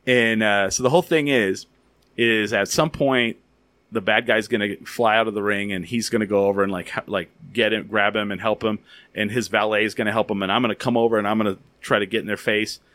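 A man hosting a podcast, telling stories in a casual, animated, rambling way with a lot of filler words. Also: fairly low pitch, brisk, no echo. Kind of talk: casual storytelling and interviewing.

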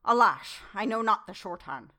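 An old foreign professor, warm in his praise and grave in his fervour, drawing out his broken, formal sentences slowly, as a woman reader puts him on. It is a spoken storybook performance. His voice sits in a middle pitch. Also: expressive. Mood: admiring. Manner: broken formal English, slow and fervent. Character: old male foreign professor, earnest, effusive. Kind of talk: audiobook character reading.

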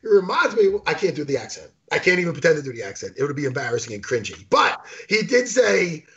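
A man co-hosting a talk show, chatting casually in a rambling, animated way and swearing freely. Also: fairly high pitch, fast, dull audio. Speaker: podcast co-host. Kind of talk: casual chat.

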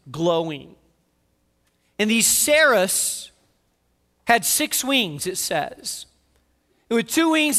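Man preaching, high bright voice, dramatic swings from soft to loud, long hall reverb. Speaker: pastor. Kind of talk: sermon.

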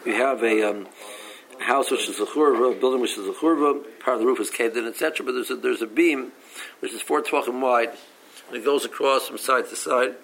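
A man leads a casual Talmud class. His voice has a gravelly edge, and he reads each line before explaining it plainly, often stopping to restart a phrase. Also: medium pitch, fairly quick, fairly bright tone, rough recording. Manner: reads Aramaic text then explains in English, with frequent restarts. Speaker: Talmud teacher.

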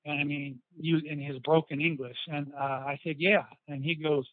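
A former football player, appearing as a guest in a casual storytelling interview, speaks in a fairly high male voice at a moderate pace with hardly any pauses. He spins long, rambling anecdotes full of restarts and quoted dialogue. The recording is dry and tinny, like a phone call, with no room sound.

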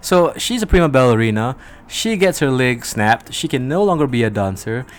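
A man's voice: medium pitch, sing-song, normal speed. A man hosting a casual movie review chat, rambling and joking with frequent laughs. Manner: giggly, rambling, jokey. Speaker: podcast host.

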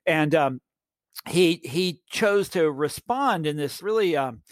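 A man's voice: fairly high pitch, expressive, slow, no echo, clean studio sound. A middle-aged American man, a guest writer, talking in a casual podcast interview and rambling with many restarts. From United States. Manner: rambling, restarts often, chuckles at his own stories.

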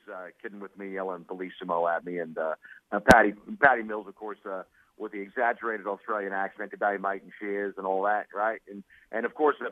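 A male sports broadcaster, a guest on a radio show, chatting quickly over the phone with many fillers and laughs. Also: fairly low pitch, no room sound. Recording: tinny phone line.

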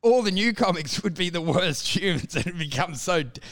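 A man's voice: high-pitched, animated, normal speed, fairly bright tone. A man chatting as a comedian on a casual podcast, swearing often and laughing through rambling banter. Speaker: comedian and co-host.

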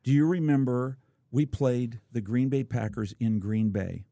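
Ex-quarterback co-host, sixties, gravelly, loose rambling storyteller. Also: male voice, mid-range voice, unhurried, mellow, dry recording, studio quality. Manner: rambling anecdotes with fillers. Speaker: podcast co-host, former quarterback. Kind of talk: casual storytelling chat.

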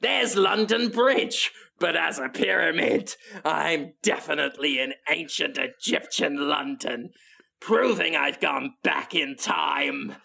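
A comedy podcast host voicing a bumbling Victorian detective who declares every step out loud. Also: mid-range voice, slow, creaky, heavily acted. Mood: earnest. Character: bumbling Victorian detective, male, adult, earnest.

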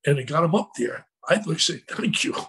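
A man telling a story as an interview guest, in an animated, emotional way. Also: on the high side, a little fast, slight background noise, poor audio.

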